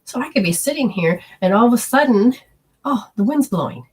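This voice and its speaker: A woman with a husky, slightly breathy voice teaches about healing and the body. She speaks earnestly and often slips into quoted inner voices to make her point. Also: on the high side, animated, fairly quick. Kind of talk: teaching talk with personal stories.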